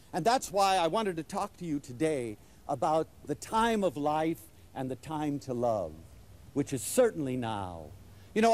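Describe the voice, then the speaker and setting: A man's voice: fairly high pitch, a little mellow. A man giving an inspirational lecture to a live audience, telling stories with enthusiasm and animation.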